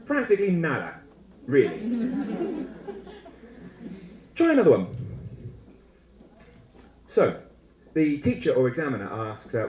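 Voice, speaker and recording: A man giving a lively, humorous conference talk to teachers, acting out little classroom scenes as he goes. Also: mid-range voice, slow, pauses often. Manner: animated, humorous, acts out student and teacher voices. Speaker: conference speaker. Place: lecture hall. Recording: echoey lecture hall.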